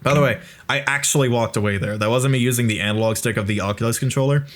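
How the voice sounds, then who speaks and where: A young man giving excited, rambling commentary on his own video, swearing freely and laughing often. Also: mid-range voice, quick pace.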